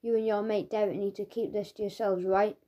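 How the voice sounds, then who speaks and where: A woman's voice: medium pitch, fairly even intonation, fairly quick, close to an everyday voice. Woman doing a sly teasing school bully boy. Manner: sly, teasing, leaning in with loud whispers. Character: boy bully who gives everyone nicknames. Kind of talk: audiobook character reading.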